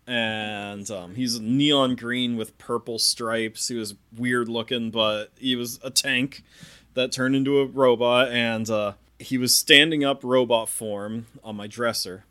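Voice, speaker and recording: A man in his thirties, a podcast host, telling a ghost story in a casual, animated way and acting out the sounds. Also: mid-range voice, slow, smooth. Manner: animated, acts out sounds and quotes.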